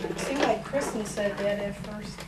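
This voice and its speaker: A woman chatting with family at home, telling stories in a laughing, animated way. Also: medium pitch, normal speed, heavy background noise. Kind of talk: casual family chat. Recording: roomy home camcorder from far off, loud crowd.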